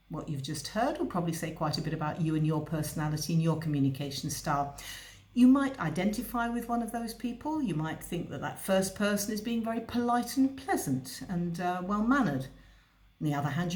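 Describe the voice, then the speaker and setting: A woman's voice: on the low side, expressive, normal speed. A woman host giving a conversational educational talk, explaining and speaking directly to the listener. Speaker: psychologist host. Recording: echoey room.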